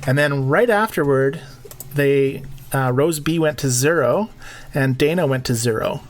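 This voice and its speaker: A man's voice: mid-range voice, a little slow. A man in his forties co-hosting a live stream in casual chat, joking and thinking aloud as he goes. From Canada.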